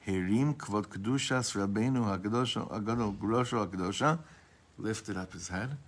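A man teaching a class, reading passages slowly and retelling them with rising feeling, with casual asides and frequent restarts. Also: fairly low pitch. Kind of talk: storytelling lesson.

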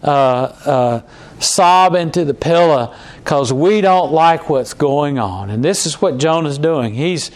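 Casting: a male preacher, slightly high voice, conversational sermon, halting restarts, dramatizes quotes. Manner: conversational, repeats and restarts words, acts out quoted lines.

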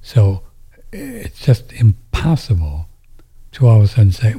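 Male host, low husky tone, loose rambling delivery with hushed asides. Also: huge pitch swings, unhurried. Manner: rambling, with frequent restarts and drops into near-whispers. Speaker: host answering viewer questions. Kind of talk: casual monologue.

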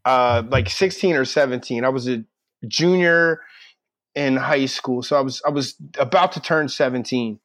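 A man's voice: mid-range voice, moderate pace, fairly bright tone, dry recording. A man from the northern United States, a podcast co-host telling a story in casual chat and acting out the people he quotes.

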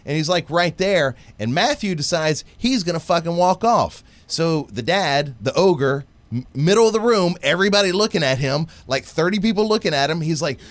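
A man's voice: fairly high pitch, moderate pace, dry recording. A man in his thirties co-hosting a casual podcast, telling stories with plenty of swearing. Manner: profane, animated storytelling. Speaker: podcast co-host. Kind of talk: casual chat.

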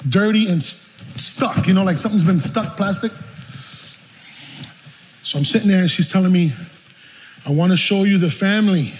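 High-voiced New preacher in echoing hall. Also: male voice. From South Bronx, New York. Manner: animated, emotional storytelling with bursts of laughter and shouting. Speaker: pastor. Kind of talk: storytelling sermon. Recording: long reverb with faint room noise.

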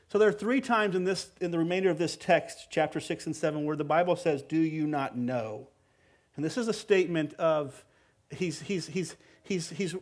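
High-voiced emphatic male preacher. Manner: emphatic, conversational, repeats words when pressing a point. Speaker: pastor. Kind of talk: sermon.

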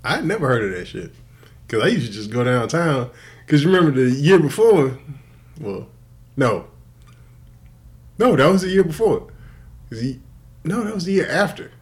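A man's voice: on the high side, very animated, moderate pace, long pauses. A man co-hosting a podcast in casual chat, telling stories animatedly, swearing freely and laughing often. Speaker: podcast co-host.

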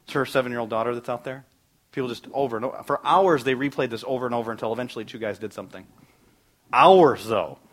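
A male pastor preaching in a conversational way, his pitch sitting in the middle of the range for a man. He speaks from the pulpit of a church and drops into quoted voices to act out his stories. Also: quick pace. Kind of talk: sermon.

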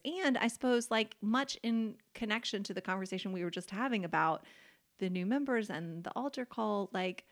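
Woman, podcast co-host, casual faith chat, chatty, laughs easily, leans on key words. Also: mid-range voice.

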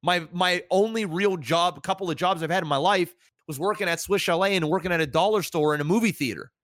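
Talking fairly quickly, this thirty-something podcast co-host and streamer chats casually in a candid, reflective way, with animated jumps in pitch. The sound is dry and studio-clean.

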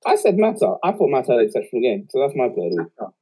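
A man co-hosting a casual football chat, excitable and prone to repeating himself. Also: mid-range voice, racing, breathy edge. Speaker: podcast co-host.

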